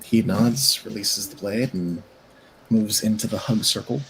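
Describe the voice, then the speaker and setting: A man's voice: fairly low pitch, steady tone, measured pace, vocal fry, fairly bright tone, breathy edge, rough recording. A man playing a tabletop game, describing his character's actions and speaking in character in a playful, jokey way. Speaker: player. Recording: faint background noise.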